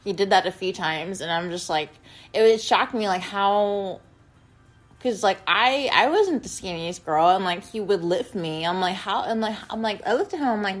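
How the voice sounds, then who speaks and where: A young woman vlogger telling a personal story in a rambling, casual way, filling every pause with "like" and speaking bluntly with plenty of swearing. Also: mid-range voice, soft background music. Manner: rambling, heavy use of "like", blunt and profane.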